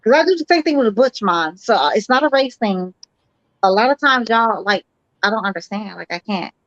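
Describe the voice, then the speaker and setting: A woman's voice: medium pitch, animated, fairly quick, dry recording. A woman from Chicago with a Chicago accent, talking bluntly and profanely in a casual podcast chat. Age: older. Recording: dry, dull lo-fi sound.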